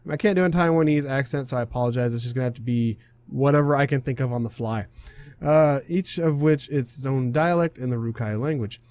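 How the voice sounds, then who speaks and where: A man's voice: medium pitch, fairly quick, a little mellow. Man reading a visual novel aloud. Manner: casual, stumbles over words, laughs and self-corrects. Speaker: game streamer reading aloud.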